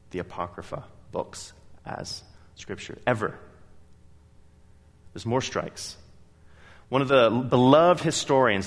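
A male pastor delivers a sermon in a church sanctuary, telling stories with animated energy and pressing his points emphatically. His voice sits at an ordinary male pitch, and a long hall reverb trails behind every phrase.

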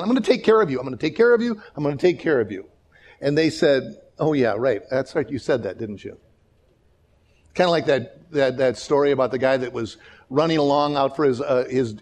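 A pastor in full sermon mode, his somewhat high voice swinging between hushed warnings and loud, excited story beats. He acts out the people in his stories and often restarts his sentences. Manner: restarts and repeats words.

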